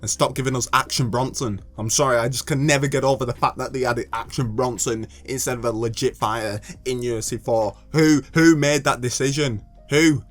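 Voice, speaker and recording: A man's voice: mid-range voice, steady tone, fairly quick, hardly any pauses, fairly bright tone. A young British man making a casual gaming commentary video, joking and ranting and stumbling over hard names.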